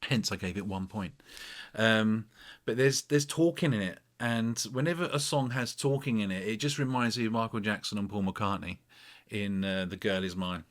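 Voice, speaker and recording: A man's voice: on the low side, moderate pace. A man rambling through a casual album review, full of fillers and asides.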